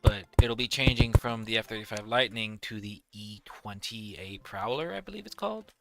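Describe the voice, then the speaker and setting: A man's voice: on the low side, animated, moderate pace, creaky, music in the background. A young man giving casual gameplay commentary, rambling and ranting animatedly. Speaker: gaming video creator.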